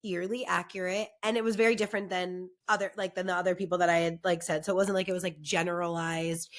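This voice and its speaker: A woman's voice: on the low side, flat delivery, fast talker. A young adult woman co-hosting a podcast, chatting casually and telling stories with lots of fillers, her voice worn from lack of sleep. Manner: chatty, storytelling, says like a lot. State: lost her voice from not sleeping. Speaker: podcast co-host. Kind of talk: casual chat.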